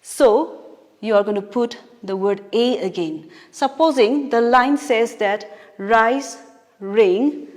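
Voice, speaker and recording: Slow-speaking woman teacher, echoing room. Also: a little high. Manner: patient, explaining step by step with self-corrections. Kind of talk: classroom poetry lesson. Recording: long reverb.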